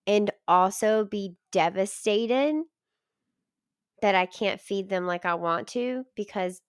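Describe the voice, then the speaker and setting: A woman's voice: medium pitch, slow, clear, resonant tone, dry recording, studio quality. A woman guest on a podcast, speaking frankly and emphatically, reassuring new parents. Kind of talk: podcast conversation.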